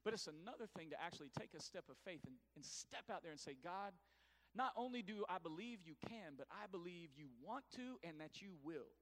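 A middle-aged pastor preaches with lively energy, drawing the congregation into call-and-response. His voice sits high for a man, and it rings out with the long reverb of a church hall. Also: a little fast. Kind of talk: sermon. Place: church sanctuary.

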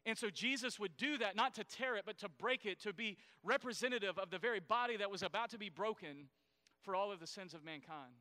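Male pastor, high bright voice, smooth and clear, explains things to the congregation, church hall with long reverb. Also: brisk. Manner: explanatory, asks the congregation questions. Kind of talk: sermon.

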